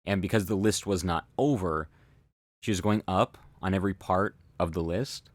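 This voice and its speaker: Deep-voiced man explaining with many fillers. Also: no echo. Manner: thoughtful, halting, many fillers and restarts. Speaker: host analyzing body language. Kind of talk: casual explanatory commentary.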